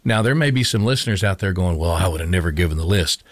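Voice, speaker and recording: A man's voice: deep voice, lively intonation, quick pace, no room sound, studio quality. A middle-aged man, a former coach, telling a personal faith story in conversation, earnest, repeating and restarting his phrases. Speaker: interview guest, former coach.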